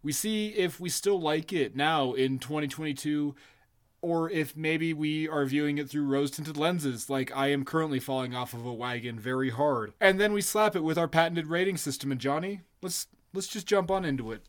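A man's voice: on the high side, normal speed. A man co-hosting a casual podcast, joking and rambling with profanity. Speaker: podcast co-host.

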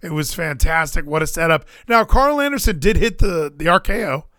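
Bright-voiced excitable man chatting. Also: fairly high pitch, fairly quick, no room sound, clean studio sound. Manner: excitable, rambling, profane. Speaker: podcast co-host. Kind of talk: casual chat.

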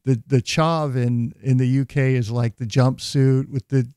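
A man's voice: mid-range voice, steady tone, a little slow, darkish tone, smooth, no echo, studio quality. A man hosting a live show, chatting casually and offhandedly, swearing and laughing often. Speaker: host. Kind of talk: casual live-stream chat.

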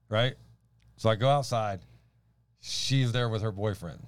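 Man, deep-ish voice, lively laughing storyteller, dry close sound, faith talk co-host. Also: unhurried, pauses often, smooth, no room sound. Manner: animated, laughing storyteller with many restarts. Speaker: podcast co-host. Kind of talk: casual faith chat and storytelling.

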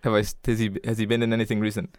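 A man chatting casually as a podcast co-host, animated and laughing often, slipping into little voices as he retells things. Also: fairly low pitch, rapid-fire, clean tone, no room sound, clean studio sound. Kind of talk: casual chat.

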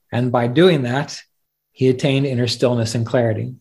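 Steady in tone and moderate in pace, the man's mid-range voice comes across a little mellow. He's a podcast host teaching meditation through stories, reflective and conversational with plain fillers, in a spoken teaching talk.

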